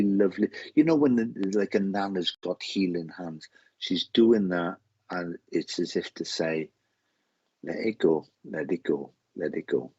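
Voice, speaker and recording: A man giving live psychic readings on a stream, talking haltingly, repeating phrases and getting emotional. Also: low-pitched, darkish tone, slightly rough, dry recording, dull audio. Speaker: psychic medium host.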